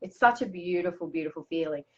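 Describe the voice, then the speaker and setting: A woman's voice: on the low side, animated, fast. Bubbly Australian woman coach, lo-fi. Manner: bubbly, chatty, laughs often. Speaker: life coach host. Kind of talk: live-stream coaching chat.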